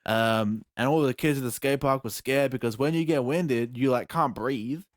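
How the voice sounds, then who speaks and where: A young Australian man, a podcast host, telling a story in casual chat, animated and profane, acting out moments with yelps. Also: mid-range voice, moderate pace, no room sound, clean studio sound. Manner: animated, profane, acts out scenes with yelps and shouts.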